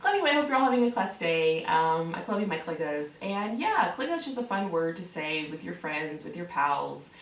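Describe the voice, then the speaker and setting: A woman's voice: fairly low pitch, big pitch swings, brisk, hardly any pauses. Heated woman ranting in an echoey room. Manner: heated, profane, repeats words for emphasis. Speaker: online video creator. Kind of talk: ranting vlog. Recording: roomy echo, voice from a distance from the mic.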